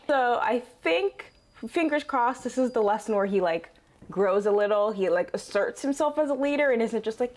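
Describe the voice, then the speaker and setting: A woman's voice: fairly high pitch, lively intonation, moderate pace, darkish tone. Chatty young woman reacting to a show. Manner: chatty, laughing, lots of fillers. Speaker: reaction video host. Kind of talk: casual reaction commentary.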